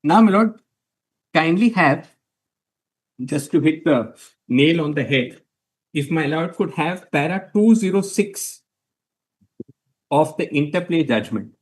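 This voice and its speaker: A man's voice: a little high, animated, slow, pauses often. A man arguing a case before a court, formal and deferential, setting out numbered points and addressing the bench as my lord.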